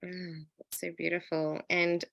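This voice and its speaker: A woman's voice: on the low side, level tone, measured pace, gravelly, fairly bright tone, no echo, rough recording. An Australian woman hosting a video-call chat show, chatty and encouraging, with frequent affirmations. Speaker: show host. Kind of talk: casual chat.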